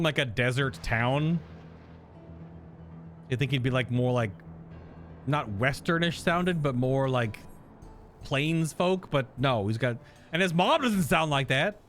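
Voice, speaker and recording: A man's voice: mid-range voice, fairly bright tone. A man streaming a video game, giving a casual, rambling reaction commentary as he plays and laughing often.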